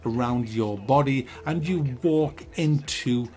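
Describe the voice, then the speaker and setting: A man's voice: medium pitch, slow pace, dark tone. A man in his forties giving a mock-serious, sarcastic and sweary game review.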